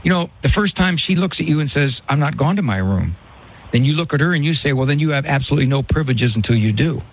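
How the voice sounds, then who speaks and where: A man with a husky, slightly raspy voice hosts a call-in advice show. His pitch sits a touch high and swings a lot as he talks. He is blunt and direct with the caller. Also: quick pace. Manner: blunt, lively, mimics voices in quotes. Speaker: radio call-in host, psychologist.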